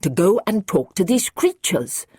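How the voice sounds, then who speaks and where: A woman reading an audiobook, voicing a calm, earnest male time traveller who speaks courteously. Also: medium pitch, a little slow, husky, no room sound, studio quality, voice pushed up, heavily acted.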